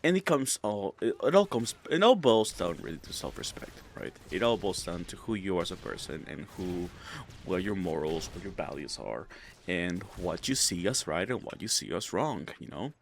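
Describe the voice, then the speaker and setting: A man's voice: low voice, sing-song, normal speed, creaky, slight background noise. A young man giving casual advice in a rambling, profane way, often stammering and restarting. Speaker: vlogger.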